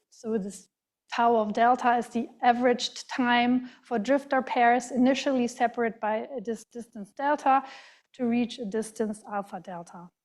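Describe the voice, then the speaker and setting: Halting woman lecturer, German accent. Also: on the high side, a little mellow. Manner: careful, halting delivery with frequent fillers and self-corrections. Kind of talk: academic lecture. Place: large lecture hall.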